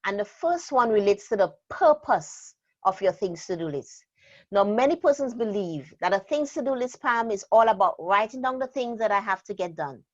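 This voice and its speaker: A woman's voice: mid-range voice, lively intonation. Emphatic woman trainer, dull lo-fi sound. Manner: emphatic, deliberate, stresses key words. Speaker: productivity trainer. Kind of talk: instructional interview talk.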